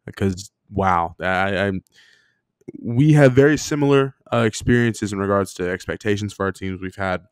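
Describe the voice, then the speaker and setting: A man co-hosting a sports podcast in loose, casual chat. He rambles and gets excitable, swearing freely as he riles himself up. His voice sits fairly low and sounds dry and close to the mic. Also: moderate pace, clean tone, no room sound. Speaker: podcast co-host. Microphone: remote podcast mic.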